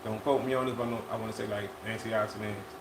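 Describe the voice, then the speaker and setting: A laid-back podcast co-host chats on a casual live stream in a lowish voice with little pitch movement. The room is echoey with faint ambience and background noise, and he draws out his words and repeats phrases.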